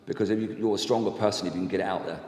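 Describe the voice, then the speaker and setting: A man's voice: deep voice, rapid-fire, darkish tone. A man in his fifties, a podcast guest, talking in an earnest, rambling way with many agreeing fillers, recorded in an echoey room. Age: 50s. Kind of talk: casual chat. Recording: echoey room with long reverb.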